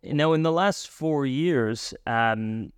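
A man's voice: mid-range voice, takes it slowly, clean tone, dry recording, clean studio sound. Man asking long, rambling questions. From North America. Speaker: interview host. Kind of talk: interviewing a guest.

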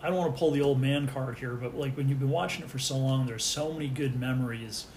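Middle-aged male podcast guest, rambling chat with restarts, mid pitch, roomy echo. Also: fast talker, a little mellow. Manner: rambling, many restarts and fillers. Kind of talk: casual podcast chat about wrestling. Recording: echoey room, faint background noise.

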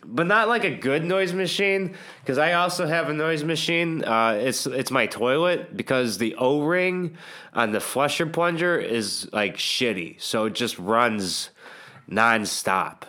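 A man's voice: mid-range voice, measured pace, bright, forceful tone. A man in a casual, rambling monologue, cursing often and sardonic, trailing off mid-thought.

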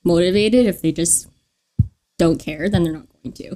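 A woman's voice: on the low side, moderate pace, mellow. A young woman guest in a casual podcast chat, giggling often and filling her talk with "like". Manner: giggly, lots of "like" fillers.

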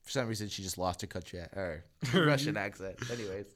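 A young man co-hosting a podcast, telling animated stories in casual chat, swearing freely and laughing as he goes. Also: low-pitched, fast. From Canada. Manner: animated storyteller, swears, acts out voices with laughs. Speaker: podcast co-host.

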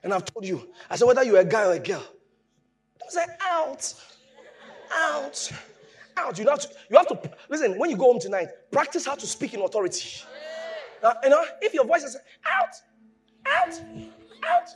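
A man preaching a sermon, animated, shouting at times, mimicking voices and laughing. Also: very high-pitched, fast. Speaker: pastor.

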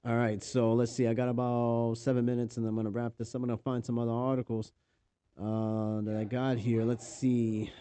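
A man's voice: mid-range voice, flat delivery, normal speed, warm tone, clean tone, no echo. A married man with a New York accent hosting a podcast, reading news articles aloud and breaking in with offhand, profane asides. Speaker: podcast host. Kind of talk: casual news commentary.

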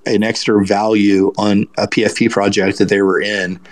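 A man with a low voice talks as a guest collector in a casual online audio chat. He explains things in a relaxed, rambling way, full of ums and you-knows. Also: normal speed. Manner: relaxed, explanatory, many fillers.

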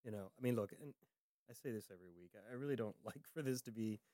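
A man's voice: on the low side, dark tone, no echo, clean studio sound. A man co-hosting a casual political talk show, chatting loosely, trailing into fillers, then speeding up to press a point. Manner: conversational, trailing off into fillers, quickening when making a point. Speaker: podcast co-host.

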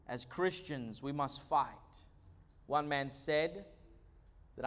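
A man's voice: a little high, slow pace, pauses often, a bit bright. A man, a pastor delivering an emphatic sermon with frequent "uh" fillers.

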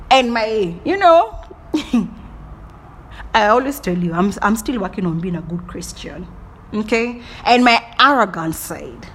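A woman giving a dramatic motivational monologue, swinging between whispers and loud bursts and often laughing at herself. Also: medium pitch, breathy edge. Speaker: motivational speaker.

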